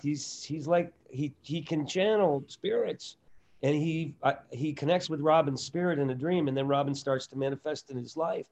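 Casting: middle-aged male comic guest, a bit high-pitched, lively and self-deprecating. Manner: animated, self-deprecating, slips into voices. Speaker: comedian and impressionist guest. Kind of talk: casual interview talk.

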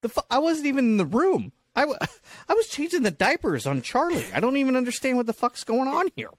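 A man doing a shrill, outraged husband. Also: wildly swooping pitch, brisk, no room sound, heavily acted. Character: outraged bewildered husband being arrested.

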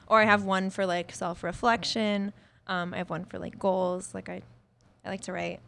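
A woman in her twenties, a musician talking casually and quickly in an interview, laughing often. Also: medium pitch, level tone, creaky, a bit bright, a little hiss or hum. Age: 20s. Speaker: musician guest.

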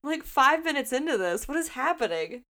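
A woman's voice: on the low side, fairly quick. A woman co-hosting a casual chat, gushing and laughing often as she quotes scenes. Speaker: podcast co-host.

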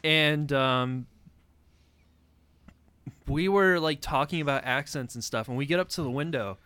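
Young man, wry self-mocking chat, bright tone, dry close sound. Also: a little high, a little slow, clear, resonant tone, dry recording. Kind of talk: casual chat.

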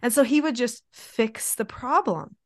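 Mom host chatting away, kinda high voice, super dry close sound. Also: female voice, a little slow, no echo. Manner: chatty, animated, acts out quotes. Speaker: podcast host, mother. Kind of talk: casual conversation.

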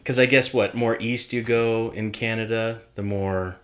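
Playful low-voiced podcast man. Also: fairly even intonation, unhurried. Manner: playful, jokey, rambling. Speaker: podcast co-host. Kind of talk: casual chat.

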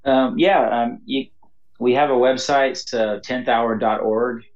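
Man, pastor, guest on an interview, casual storytelling, sprinkles "you know", mid-pitched voice. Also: measured pace, highs cut off. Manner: animated storytelling, frequent "you know" and laughs. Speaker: pastor and mission leader, guest.

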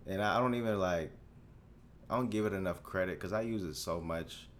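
A man in his twenties hosting a solo podcast, rambling through a story in a casual, profane, animated way, full of restarts. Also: deep voice, brisk, a little hiss or hum. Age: 20s. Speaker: podcast host.

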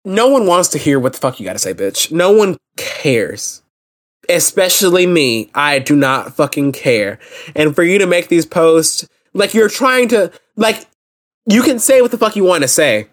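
A man's voice: on the high side, big pitch swings, normal speed. A young man hosting a solo podcast, ranting in a blunt, impassioned and profane way. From United States. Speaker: podcast host.

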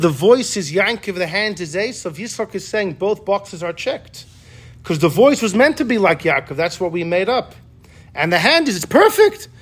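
A man's voice: high voice, breathy edge. A man teaching a casual Torah class to a group, acting out the quotes as he explains them and often restarting his sentences. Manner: animated, acts out quotes, many restarts. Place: classroom with students.

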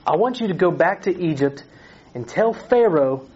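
A man voicing God, giving steady, measured commands in his own voice. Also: high voice. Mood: commanding. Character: calm commanding male God speaking. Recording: slightly dull recording.

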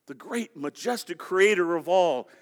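A man's voice: sits high, lively intonation, unhurried. A man preaching a sermon as pastor, quoting scripture and asking the congregation direct questions with emphatic delivery. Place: church sanctuary. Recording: long hall reverb.

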